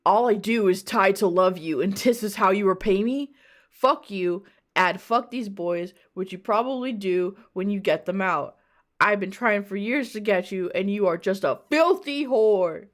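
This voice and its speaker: A woman voicing a jealous, angry young man who rants loudly in a story she reads out. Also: mid-range voice, measured pace, natural voice. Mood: furious. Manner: loud, ranting.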